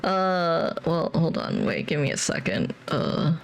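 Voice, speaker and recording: A woman's voice: sits low, huge pitch swings, slow, vocal fry. A young woman livestreamer chatting casually with viewers, rambling and repeating herself. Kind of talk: casual stream chat.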